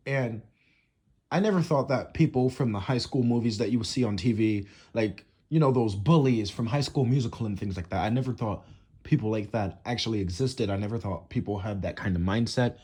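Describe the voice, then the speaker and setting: Husky teenage guy telling a story. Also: on the low side, darkish tone. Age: teens. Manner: rambling, many "you know" and "like" fillers. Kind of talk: casual storytime monologue.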